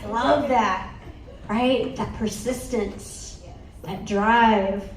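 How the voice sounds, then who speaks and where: Animated woman storyteller in echoey hall. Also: a little high, extremely slow, distant mic, background noise. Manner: animated, laughing storyteller with many restarts. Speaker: motivational speaker. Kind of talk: storytelling speech to a live audience. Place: conference hall.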